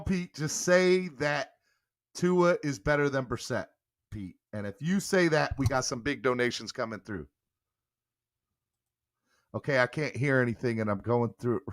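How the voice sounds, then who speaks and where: A man's voice: fairly high pitch, pushed and bright. A young man hosting a casual live-stream sports show, playfully coaxing a guest and laughing often. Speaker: podcast host.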